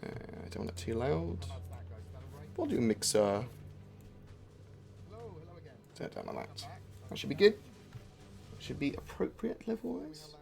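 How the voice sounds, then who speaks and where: A man's voice: fairly high pitch, wildly swooping pitch, moderate pace, gravelly, long pauses, darkish tone. A man streaming a video game live, chatting in a rambling, distracted way with plenty of asides. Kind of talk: live-stream chat while gaming. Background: faint music.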